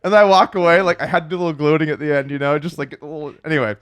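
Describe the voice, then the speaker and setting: Fast-talking man, chatty storyteller. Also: a little high, steady tone, smooth, no room sound. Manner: quick, chatty storyteller with frequent restarts and "like"; acts out quoted voices in his anecdotes. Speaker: podcast guest, professional poker player. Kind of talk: casual storytelling interview.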